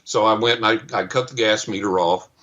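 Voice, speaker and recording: A middle-aged man with a fairly low voice tells a long story as a guest on a radio interview. He is animated and acts out the voices of the people in the story as he goes. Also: fairly quick, highs cut off. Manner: animated storyteller acting out other people's lines. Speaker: psychic and paranormal investigator, guest.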